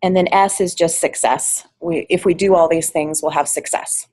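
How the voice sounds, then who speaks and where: A woman with a slightly low, husky voice leads a volunteer training. She explains rules step by step in a practical, instructive way, dotted with fillers. She speaks into an online meeting mic that she sometimes drifts away from. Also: steady tone, normal speed, a little mellow, rough recording. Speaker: volunteer coordinator. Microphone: online meeting mic, at varying distance.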